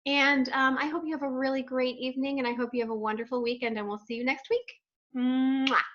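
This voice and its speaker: A woman's voice: high voice, steady tone, rapid-fire, dull audio. A woman in her forties, a teacher chatting playfully with her pupils after a read-aloud and speaking straight to the children.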